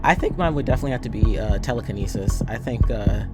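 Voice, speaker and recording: A man's voice: lowish voice, fast, over music. A man hosting an interview and asking questions in a giggly, loose, rambling way. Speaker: interviewer and show host.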